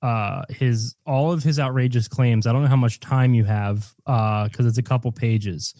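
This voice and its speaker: A man's voice: medium pitch, steady tone, moderate pace, warm tone, dry recording, studio quality. A man hosting a casual podcast chat, joking around and playfully mispronouncing names, with lots of fillers. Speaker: podcast host.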